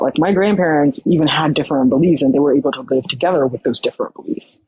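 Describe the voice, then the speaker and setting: A young adult podcast guest telling a personal story in casual, animated talk full of "like". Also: mid-range voice, fast, slightly rough, dry recording, rough recording. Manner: animated, many fillers like "like".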